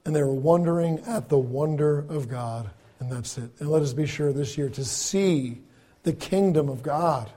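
Male pastor, mid-high mellow voice, conversational sermon with emphatic swells and soft drops. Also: moderate pace. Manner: conversational preaching, repeats words, swings between loud emphasis and soft lows.

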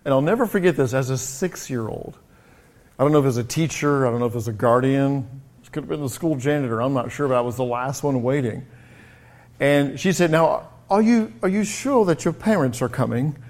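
A middle-aged man who runs a coaching business, sharing personal stories in a conversational, lively way with frequent restarts. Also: mid-range voice, brisk. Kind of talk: personal storytelling talk.

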